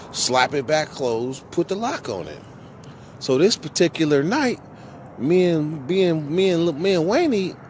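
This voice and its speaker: A man casually telling a long story from his own past, with profane, slangy speech and animated quoted dialogue. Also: a little high, noisy background. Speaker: vlogger.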